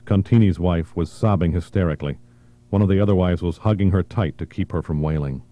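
A man narrates a thriller audiobook in a measured, even way. His voice sits low and sounds very dark and mellow. The reading stays steady throughout.

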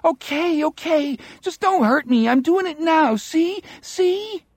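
Man voicing a terrified boy, high whiny pleading, very raised pitch. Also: lively intonation, slow pace, no echo, full character voice.

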